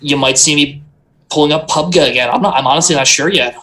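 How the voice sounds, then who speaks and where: Joking, relaxed male player. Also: fairly high pitch, quick pace. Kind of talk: casual chat on a live stream.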